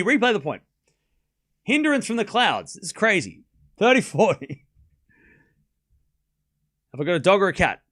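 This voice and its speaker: A young Australian man commentates a tennis match on a live stream in a high, lively voice. His tone is bright and he moves easily between calling points and chatting with viewers. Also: normal speed, pauses often. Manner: chatty, reads chat aloud, laughs often. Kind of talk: casual live watchalong commentary.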